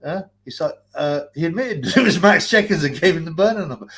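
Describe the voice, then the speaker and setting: A man's voice: fairly high pitch, expressive, brisk, fairly bright tone, a little hiss or hum. A man ranting profanely on a live stream, mocking and laughing, his nose blocked so his breathing is heard. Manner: abusive, mocking, laughing, mimics callers.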